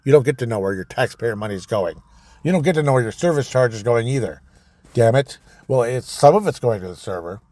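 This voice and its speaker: A man hosts a solo talk show, reading news items aloud, ranting sarcastically and laughing at his own jokes in opinionated commentary. His medium-pitched voice is animated, fairly quick and mellow, with no echo.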